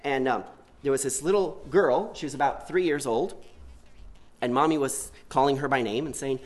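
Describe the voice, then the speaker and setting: A man's voice: medium pitch, moderate pace. A man preaching a sermon in an earnest way, often asking his listeners rhetorical questions.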